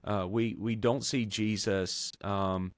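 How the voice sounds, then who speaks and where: Male pastor-host, low voice, earnest and measured, dry recording. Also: steady tone, no room sound. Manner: measured, earnest, with frequent fillers and restarts. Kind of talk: conversational theology discussion.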